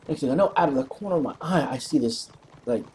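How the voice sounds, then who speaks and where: A man casually telling a rambling, animated story, clearing his throat often and swearing freely. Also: medium pitch, fast talker, slight background noise. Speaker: co-op gaming channel host.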